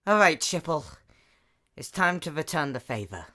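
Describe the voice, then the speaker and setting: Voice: medium pitch, very animated, normal speed, bright, forceful tone, pitched below the performer's own voice. A performer voicing a grateful, determined young sidekick in a fan audio drama, speaking earnestly. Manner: earnest and resolved.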